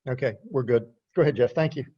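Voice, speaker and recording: A man chairing a town council meeting, brisk and procedural as he manages speaking time. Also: mid-range voice, breathy edge, lo-fi sound.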